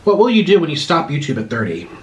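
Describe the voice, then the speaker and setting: A young man chatting casually on his vlog while eating spicy food, his mouth burning, clearing his throat often and rambling through viewer questions. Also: a little high, huge pitch swings, fast, slight background noise, poor audio. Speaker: vlogger.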